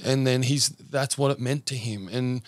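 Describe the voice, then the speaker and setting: A man's voice: medium pitch, fairly even intonation, normal speed, dry recording. Aussie guy rambling earnestly on a podcast, lots of ums, dry close sound. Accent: Australian. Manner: earnest, rambling storyteller with frequent fillers. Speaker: podcast guest, men's mental health support worker. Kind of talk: casual conversational interview.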